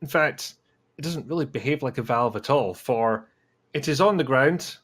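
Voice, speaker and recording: Male panelist, medium pitch, dry self-mocking delivery, casual. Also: moderate pace, a bit bright, slightly rough.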